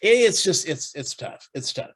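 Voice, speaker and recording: A man co-hosting a podcast in casual chat, talking in halting bursts with many restarts and fillers. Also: a little high, very animated, a bit bright, husky. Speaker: podcast co-host.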